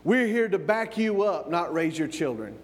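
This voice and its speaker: Man, pastor, sermon, high pitch, repeats words, asks for amens, long church reverb. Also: very animated, moderate pace. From American South. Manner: repeats words when building up, calls for amens.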